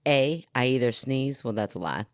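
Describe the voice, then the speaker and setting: A woman co-hosting a podcast in casual chat, expressive and quick to laugh and exclaim. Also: rumbling low, no echo, studio quality. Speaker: podcast co-host.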